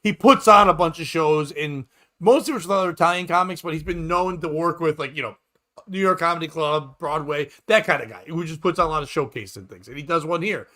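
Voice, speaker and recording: A man's voice: a little high, a little fast, sharp tone. A man, a stand-up comedian and podcast host, rambling through a story and acting out the people in it. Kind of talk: casual storytelling chat.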